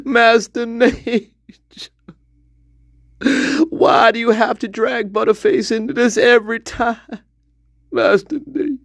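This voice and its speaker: A man putting on a whiny, tearful, pleading voice, well above his own pitch. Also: steady tone, slow, creaky, pauses often, fairly bright tone, no room sound, clean studio sound, full character voice. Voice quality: high, whining, tearful.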